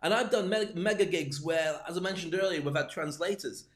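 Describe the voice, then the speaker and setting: A man's voice: a little high, brisk. A man coaching on public speaking in a livestreamed talk, full of joking, rambling asides.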